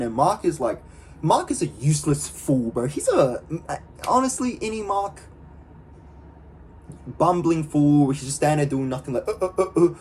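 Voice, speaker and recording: A man vlogging in a casual, excitable way, slangy and profane, with lots of fillers. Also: on the high side, moderate pace, a little hiss or hum. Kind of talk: casual talk to camera.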